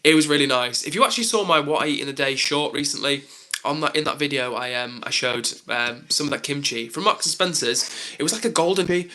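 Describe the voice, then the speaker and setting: Bright-voiced chatty young man streaming. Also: a little high, fast talker. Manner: chatty, upbeat, lots of "like" and "um". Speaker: live streamer reading chat. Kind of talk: casual live stream chat.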